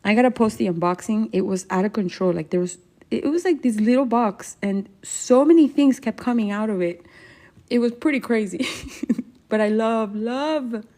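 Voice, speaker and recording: A woman's voice: fairly high pitch, normal speed, mellow. A woman hosting a live painting stream, chatting casually and playfully with viewers and giggling often while she paints.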